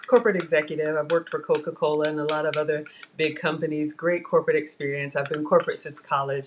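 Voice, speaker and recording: Middle-aged woman host, slightly low-pitched, talks casually to her stream audience while cooking at home. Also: fairly even intonation, fast talker, hardly any pauses, a little hiss or hum. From Africa. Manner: chatty, addresses viewers as y'all. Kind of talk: live cooking stream chat. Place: home kitchen.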